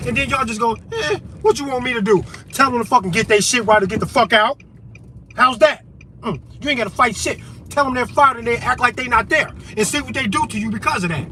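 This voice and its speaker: Man ranting hard, high bright voice. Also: slight background noise. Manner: profane, heated, loud and emphatic. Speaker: vlogger. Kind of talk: impassioned political rant to camera.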